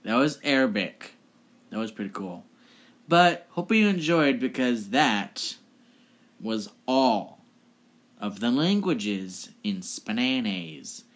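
A man's voice: mid-range voice, expressive, takes it slowly, a bit bright. A man hosting a casual video, chatty and offhand as he introduces each clip. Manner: chatty and offhand, laughing at the results. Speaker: video host. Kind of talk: casual vlog presenting.

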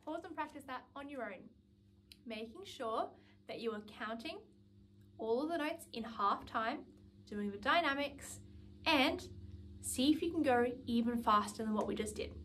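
A woman's voice: sits high, lively intonation, normal speed, a bit bright, a little hiss or hum. A woman music teacher giving a saxophone lesson, patiently explaining each step and counting out rhythms aloud.

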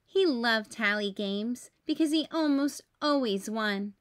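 A woman teacher reading a children's storybook aloud, clear and expressive. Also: on the high side, unhurried.

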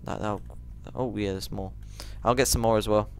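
A man giving rambling let's play commentary, jumpy and quick to shriek when startled. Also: on the low side, steady tone, creaky, a little mellow, clear, resonant tone.

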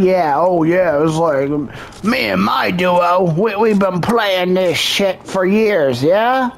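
A man's voice: high voice, slow pace, gravelly. A man making gaming videos, giving a profane, frustrated running commentary and trash-talking other players as he plays.

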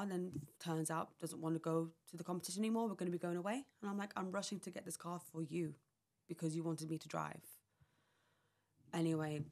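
Low gravelly young woman telling her story. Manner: rambling, full of "like" and quoted dialogue. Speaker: podcast guest. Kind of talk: emotional personal storytelling.

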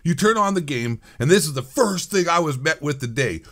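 A man's voice: a little high, lively intonation, a little fast, fairly bright tone. A man ranting sarcastically as a gaming YouTuber, exasperated and swearing often. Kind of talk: gaming commentary rant.

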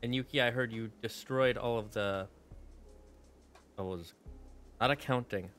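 A man's voice: mid-range voice, a little slow, pauses often, over music. A man chatting playfully with his viewers while streaming a game. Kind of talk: casual live-stream chat while gaming.

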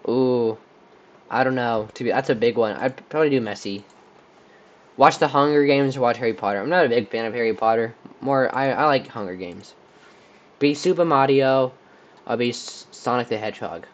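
A man's voice: mid-range voice, moderate pace, muffled recording. Rambling young man thinking aloud. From Texas. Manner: rambling, thinking aloud with many likes and restarts. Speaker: channel host. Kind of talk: casual would-you-rather game commentary. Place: room with a squeaky chair.

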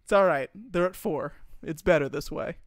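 Young man, chatty streamer, laughs a lot, high-pitched, close dry sound. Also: moderate pace, dry recording. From United States. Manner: chatty, joking, laughs often, answers chat. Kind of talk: casual live-stream gameplay commentary.

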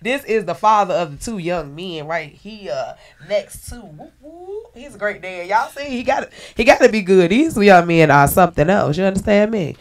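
A woman hosting a podcast interview in a lively, joking way, teasing and calling out to people around the room. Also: medium pitch, normal speed, hardly any pauses. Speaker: podcast host. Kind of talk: lively casual interview banter.

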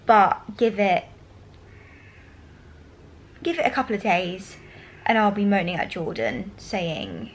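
A woman's voice: mid-range voice, lively intonation, measured pace, pauses often, rough recording. A young woman vlogging casually, chatty and gushing, with lots of fillers and a little out of breath. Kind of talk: casual vlog chat to camera.

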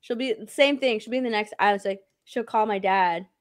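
A soft-spoken woman co-hosting a gaming stream, chatting casually and quick to agree. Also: medium pitch. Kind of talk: casual chat.

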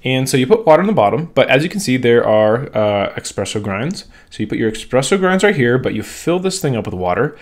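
A man's voice: mid-range voice, a little fast, few pauses. Wired, rambling man vlogging. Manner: excitable and rambling. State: wired on caffeine. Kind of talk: casual home vlog.

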